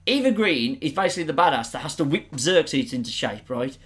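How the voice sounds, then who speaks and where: A man's voice: on the high side, brisk. A man retelling a film plot in casual, sweary chat, laughing often. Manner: animated, laughing, sweary storytelling.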